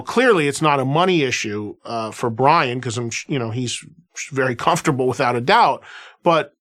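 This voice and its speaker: A man who hosts a radio show, telling anecdotes in a loose conversational way, often restarting and filling with "you know.". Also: medium pitch. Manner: animated anecdotal telling, filler-heavy with restarts. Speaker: radio host. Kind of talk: casual conversational storytelling.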